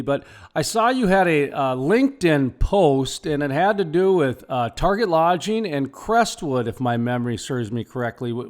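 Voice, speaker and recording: A man hosting a radio interview, chatty and rambling, who jokes about himself. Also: a little high. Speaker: radio host.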